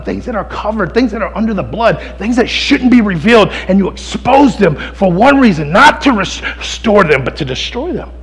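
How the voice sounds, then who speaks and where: A middle-aged male pastor preaching a sermon, swinging from hushed, intense passages to loud, shouted exhortation. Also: high voice, big-room sound, rough recording.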